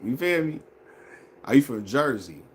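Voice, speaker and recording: A man's voice: mid-range voice, big pitch swings, a little slow, slight background noise. A man hosting a casual live stream, chatting loosely about basketball and reading viewer comments. He talks in slang, repeats his phrases and laughs often. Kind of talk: casual sports chat.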